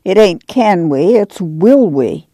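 A woman's voice: fairly low pitch, animated, warm tone, no room sound. A woman reading as a firm farm mother. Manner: rural drawl, slow and firm. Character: firm middle-aged farm mother, strong-willed.

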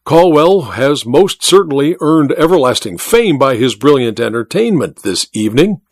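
A man's voice: mid-range voice, big pitch swings, normal speed, no room sound, clean studio sound. A man reading aloud, voicing a boisterous wealthy club member in a hearty, blustering manner.

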